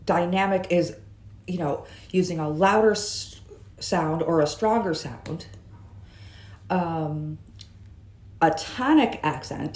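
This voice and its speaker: Slow-talking woman vlogger, roomy echo. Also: fairly low pitch, darkish tone. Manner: chatty, musing, jokey asides. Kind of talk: casual vlog monologue.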